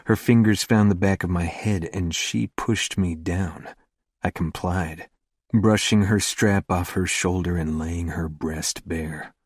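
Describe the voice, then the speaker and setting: A man narrating a first-person romance audiobook in a slow, hushed, intimate delivery. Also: low-pitched, slightly rough, no echo, studio quality.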